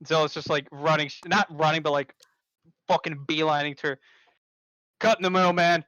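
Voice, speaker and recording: A man's voice: on the high side, fairly even intonation, brisk, pauses often, a bit bright, no echo, rough recording. A man in a tabletop game casually describing what his character does. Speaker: player.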